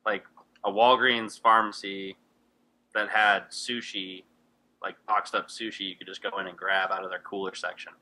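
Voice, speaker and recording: A man's voice: on the low side, level tone, moderate pace, bright, forceful tone, low-quality recording. A man co-hosting a podcast, chatting and teasing with lots of fillers over a call. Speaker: podcast co-host. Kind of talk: casual chat. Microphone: Skype call.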